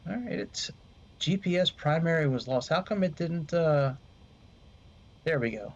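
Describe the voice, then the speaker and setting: A man's voice: on the high side, expressive, a little slow, lo-fi sound. A man streaming a flight sim, rambling and swearing freely as he talks to his chat. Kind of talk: casual gameplay commentary.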